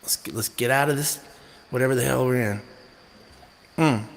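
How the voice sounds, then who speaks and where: A man's voice: mid-range voice, moderate pace, creaky, slight background noise. A man hosting a music live stream, rambling and joking irreverently between songs, with some mild swearing. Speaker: singer-songwriter and live-stream host.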